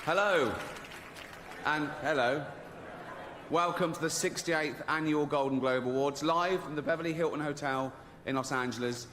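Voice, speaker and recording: A man's voice: a little high, moderate pace. A middle-aged man doing stand-up comedy, cheeky and chuckling, with mock apologies. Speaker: comedian and awards host. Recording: loud noise, long hall reverb.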